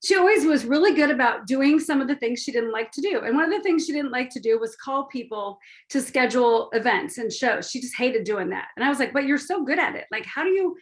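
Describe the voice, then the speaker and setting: Upbeat high-voiced woman leading an online training. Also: fairly quick. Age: middle-aged. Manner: upbeat, chatty, addresses audience directly. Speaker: business team trainer. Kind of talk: live online training talk. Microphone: video call.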